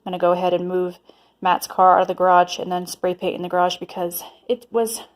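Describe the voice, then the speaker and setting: Slightly breathless, a young woman in her twenties vlogs casually from home, chatty and meandering with lots of filler words. She speaks briskly in a low-leaning monotone, and the recording picks up an echoey room.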